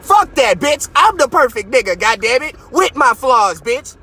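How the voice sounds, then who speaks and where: A man hosting a podcast, in a loud, mocking, boastful rant from his car, with his voice leaping up in outbursts. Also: very high voice, big pitch swings, unhurried, slightly rough. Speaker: podcast host. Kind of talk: profane comedic rant.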